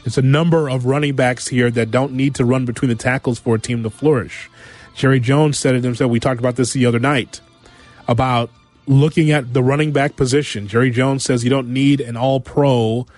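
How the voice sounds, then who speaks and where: A man hosting a sports talk radio show, giving an animated monologue full of rhetorical questions and repeated phrases. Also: mid-range voice, a little fast, soft background music. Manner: animated, rhetorical, repeats himself, acts out quotes.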